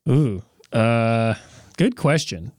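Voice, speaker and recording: A man chatting casually with a lively, up-and-down voice, rambling through jokes with plenty of fillers and restarts. The sound is dry and close, with no room around it. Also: mid-range voice, drawn-out words, dry recording. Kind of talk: casual chat.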